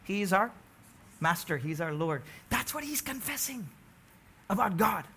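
Man, sermon, high pitch, emphatic, call-and-response questions. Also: sing-song, measured pace, breathy edge. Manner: emphatic, rising to near-shouts on key phrases, asks the congregation questions. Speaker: preacher.

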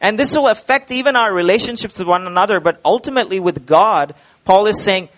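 A man's voice: high voice, a little fast, hardly any pauses, fairly bright tone, low-quality recording. A male preacher, delivering a sermon emphatically, with rhetorical questions and repeated words.

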